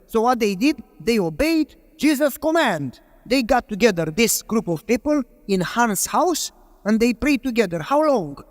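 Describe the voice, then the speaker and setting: A man's voice: very high-pitched, big pitch swings, measured pace. A man preaching a sermon as a pastor, telling a story and asking the audience rhetorical questions with emphasis. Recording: long hall reverb.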